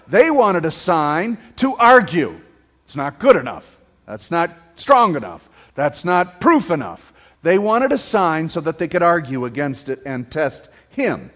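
A male pastor preaching in a church hall, his voice sitting high and leaping up and down as he drives home his points. He peppers the congregation with rhetorical questions and pushes toward a shout at the peaks. Long reverb trails every line. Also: very animated, slow pace. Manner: raises voice to near shouting at peaks. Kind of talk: sermon.

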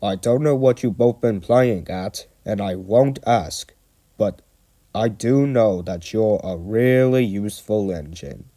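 A man's voice: lowish voice, slow pace, mellow. A man voicing a stout, kindly male railway boss in a storybook, firm and praising. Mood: approving.

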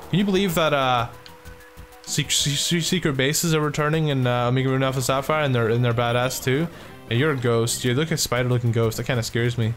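A man chats loosely through a game playthrough, excitable and quick to swear, stringing his thoughts together with lots of filler. His voice sits at a middling pitch. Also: faint music behind. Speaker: let's play gamer. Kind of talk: casual gaming commentary.

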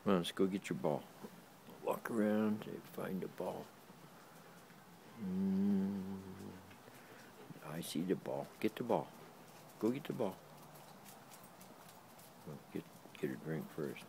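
A man's voice: low voice, slow pace, creaky, long pauses, mellow, slight background noise. A man in a backyard talking to his dog in sing-song baby talk, repeating himself while filming on a handheld camera. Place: backyard, outdoors.

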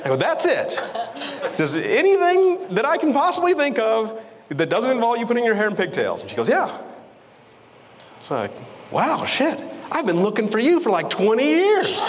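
A man telling a story in a stand-up set, acting out both sides with big jumps in pitch. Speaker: stand-up comedian. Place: comedy club stage. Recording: live club audio with long reverb and noise. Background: audience laughter.

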